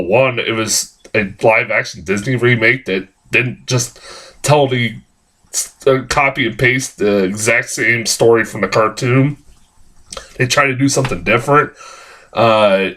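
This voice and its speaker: A man talks through his movie opinions in a loose, rambling way. He swears often, fills pauses with "uh" and "um," and stops to correct himself. He sounds a bit tired, like he's recording late at night. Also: medium pitch, a bit bright. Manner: rambling, profane, frequent fillers and self-corrections. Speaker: film reviewer. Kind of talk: casual spoken review.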